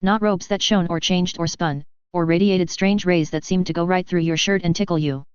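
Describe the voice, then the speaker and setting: A steady audiobook narrator with a very clear voice and an even, measured delivery. The recording is dry and slightly dull. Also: medium pitch, no echo. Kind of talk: audiobook narration of fan fiction.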